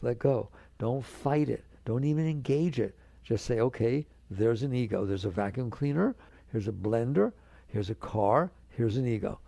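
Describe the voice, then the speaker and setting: Gravelly, mellow male spiritual teacher. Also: medium pitch, dry recording. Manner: conversational, direct address with rhetorical questions; soothing, coaxing the listener to relax. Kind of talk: spiritual talk to an audience.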